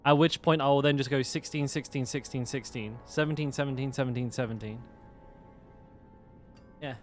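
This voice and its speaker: A man's voice: medium pitch, fairly even intonation, normal speed, soft background music. An English man with a West Country accent, chatting casually to his live-stream viewers, rambling and swearing now and then. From England. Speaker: game streamer.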